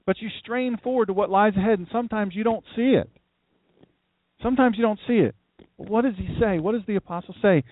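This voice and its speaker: A man's voice: high-pitched, a little fast, no room sound. A man from downstate Delaware preaching a livestream sermon as pastor, folksy and conversational, with rambling asides. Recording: dry, tinny phone-like sound.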